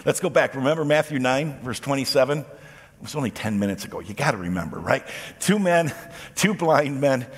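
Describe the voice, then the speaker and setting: A man preaching a sermon as pastor, animated and expressive, acting out quoted lines as he speaks. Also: mid-range voice, a little fast, slightly rough, big-room sound.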